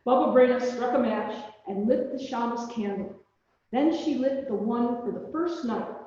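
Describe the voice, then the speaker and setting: A woman reading a children's story aloud at a church service, gentle and expressive. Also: fairly high pitch, normal speed, a little hiss or hum. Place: large echoey church hall. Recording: distant, dull, echoey hall recording.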